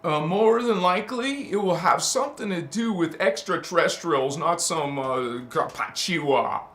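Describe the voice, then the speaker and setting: A man with a notably high voice hosts a casual spiritual livestream from an indoor room, chatty and emphatic. He calls his listeners honey and baby, laughs often and reads their chat aloud. The sound is roomy, with a clear echo around him. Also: lively intonation, normal speed, fairly bright tone.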